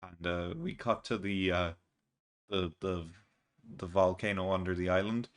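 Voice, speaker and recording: Recapping a comic chapter in his manga reaction video, this man speaks in a low-pitched voice with a fairly bright tone. He's casual, thinks out loud, and reads the dialogue without embellishment.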